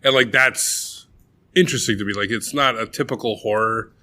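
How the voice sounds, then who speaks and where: A young man co-hosting a podcast, casually and profanely retelling a movie with lively acted-out quotes. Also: lowish voice, moderate pace. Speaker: podcast co-host. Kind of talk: casual chat.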